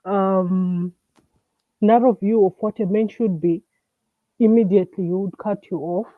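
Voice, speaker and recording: A woman's voice: mid-range voice, steady tone, unhurried, dry recording. A woman from Africa calling in and talking casually, hesitant, with many fillers and restarts. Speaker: caller. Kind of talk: casual call-in talk. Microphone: phone or call line. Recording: tinny phone line, dry.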